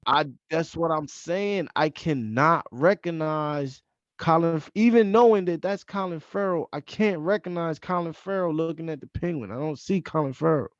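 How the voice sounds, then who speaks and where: A man hosting a podcast in casual chat, animated and insistent, repeating his points. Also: fairly high pitch, normal speed, dry recording, lo-fi sound. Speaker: podcast host.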